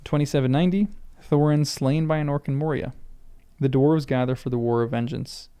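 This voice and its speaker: A man's voice: medium pitch, fairly even intonation, a little fast, mellow, smooth. A man reading a book aloud for the first time, stumbling over names and stopping to muse about pronunciation.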